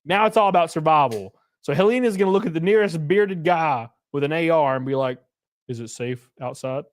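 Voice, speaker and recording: A man in his thirties hosts a casual live stream, trading jokes and jabs with his chat. His voice sits a little high for a man, and his delivery is brash and offhand. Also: animated, brisk. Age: 30s. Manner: brash, joking, talks back to chat. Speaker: livestream host.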